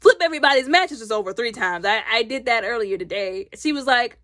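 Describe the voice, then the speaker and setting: A woman recapping a film loudly and animatedly, acting out the characters' lines. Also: on the high side, lively intonation, a little fast, no echo, clean studio sound. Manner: loud. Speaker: movie reviewer. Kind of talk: casual movie recap.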